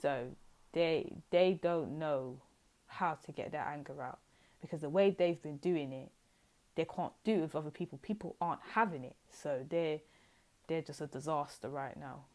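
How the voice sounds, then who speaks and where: A young woman giving a casual tarot reading, chatty and blunt with animated asides. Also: low-pitched, normal speed. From United Kingdom. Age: young adult. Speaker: tarot reader.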